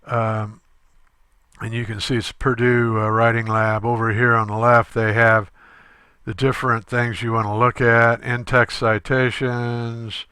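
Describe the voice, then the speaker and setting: A male instructor talking through a screen-recorded tutorial step by step, halting often with fillers. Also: medium pitch, flat delivery, bright, forceful tone, smooth, no echo.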